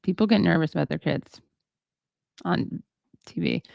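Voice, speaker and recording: Woman host, low voice, rambling chatty stream talk, dry close sound. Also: creaky, darkish tone, dry recording. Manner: rambling, halting, many fillers; self-deprecating, chatty. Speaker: show host. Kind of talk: casual livestream chat reading viewer comments.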